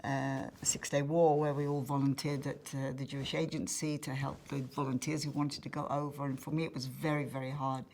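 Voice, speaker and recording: A woman, a lively storyteller who acts out the dialogue she quotes in an interview. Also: a bass voice, fairly quick, few pauses, slight background noise. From England. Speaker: interviewee, former activist. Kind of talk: recollecting interview answers.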